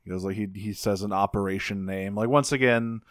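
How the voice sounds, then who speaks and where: A man's voice: fairly low pitch, fairly even intonation, fairly quick, no room sound, clean studio sound. A man co-hosting a podcast, casually recapping a cartoon episode and acting out quotes with a laugh. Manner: laughs often, acts out quotes. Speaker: podcast co-host.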